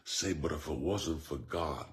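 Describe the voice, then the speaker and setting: A man preaching an impassioned sermon, swinging between shouts and hushed tones and repeating a refrain. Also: rumbling low, unhurried. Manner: repeats a refrain, addresses listeners by name.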